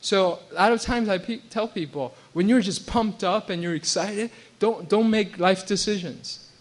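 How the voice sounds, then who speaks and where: A pastor preaching a sermon in a conversational way, often restarting and checking in with "right?". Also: male voice, high-pitched, normal speed. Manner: acts out quoted voices with bursts of laughter.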